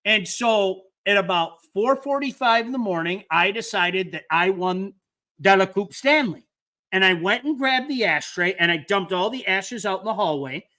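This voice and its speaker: Male host, high voice, bright tone, casual chat, animated storytelling, repeats words. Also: moderate pace.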